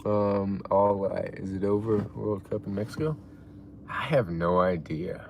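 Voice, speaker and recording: Gravelly laid-back male streamer. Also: low-pitched, measured pace, a little hiss or hum. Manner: laid-back, trails off, reacts loudly to donations. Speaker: live streamer reading chat. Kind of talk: casual live-stream chat.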